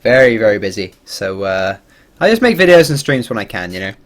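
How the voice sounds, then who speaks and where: Lively, rambling male game streamer. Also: fairly low pitch, a little fast. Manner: animated, rambling, swears and laughs freely. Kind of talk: casual livestream commentary.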